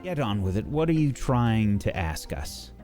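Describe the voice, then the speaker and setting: A woman's voice: extremely low pitch, sing-song, unhurried, dark tone, faint music behind, full character voice. A man voicing a haughty, cold townswoman who speaks in a clipped, dismissive way. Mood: impatient. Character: haughty cold townswoman offended by a torn cape.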